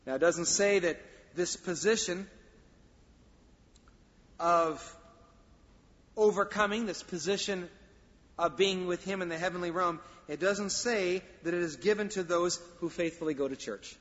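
A male pastor preaching a sermon, emphatic, swinging from quiet asides to loud declarations. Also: high-pitched, measured pace, long pauses. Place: church sanctuary. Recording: dull sound with long hall reverb.

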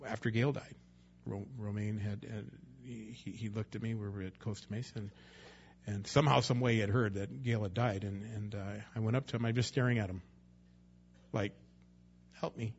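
A man's voice: fairly low pitch, steady tone, normal speed, dull audio, slight background noise. A man preaching a sermon in a conversational way, sometimes acting out the voices of people he quotes. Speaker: pastor.

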